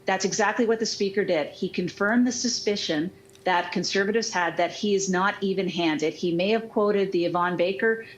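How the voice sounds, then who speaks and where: A woman's voice: medium pitch, moderate pace, slight background noise, low-quality recording. A woman giving composed, critical political analysis as a TV panelist.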